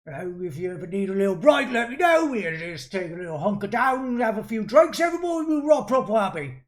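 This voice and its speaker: A game master voicing a boastful old male dwarf veteran who talks loudly in a thick, rambling accent. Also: mid-range voice, very animated, fast talker, voice pushed up, natural voice. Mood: blustering.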